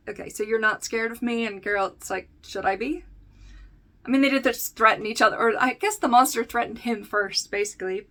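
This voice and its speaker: A young woman with a bright, crisp voice pitched a bit higher than most recaps a book chapter for a casual book-versus-show review video. She's chatty, using lots of fillers and laughing often, and occasionally reads passages straight from the book.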